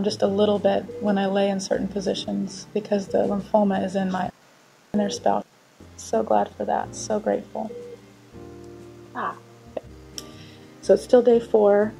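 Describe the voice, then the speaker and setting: A woman's voice: mid-range voice, creaky, low-quality recording. A woman recording a late-night video diary from her hospital room, speaking steadily and matter-of-factly. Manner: flat, steady, matter-of-fact. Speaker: patient vlogging from the hospital.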